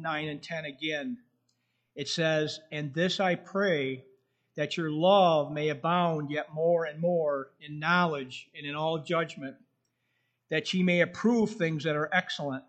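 A man preaching a sermon in a slow, earnest way, reading scripture aloud, with a slight whistle from his tooth. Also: on the high side.

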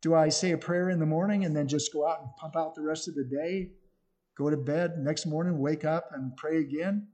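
Middle-aged male preacher, earnest conversational sermon delivery, warm dark tone. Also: on the high side, steady tone, normal speed. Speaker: missionary speaker.

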